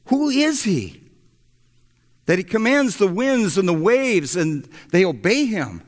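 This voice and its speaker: Frantic fishermen shouting for help, pitched high , as a male preacher puts them on, echoing through a hall. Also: big pitch swings, takes it slowly, heavily acted. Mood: awed. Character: terrified fishermen in a storm. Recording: echoey hall.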